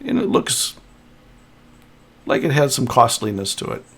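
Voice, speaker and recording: Slow gravelly male game master. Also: mid-range voice, animated, fairly bright tone. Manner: unhurried, descriptive, chuckles often. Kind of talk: narrating a tabletop game.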